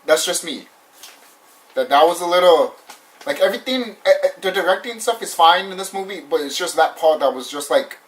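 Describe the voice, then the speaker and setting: A young man casually ranting through a movie review, animated and repetitive, swearing often and laughing now and then. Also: a little high, brisk. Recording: voice somewhat far from the mic.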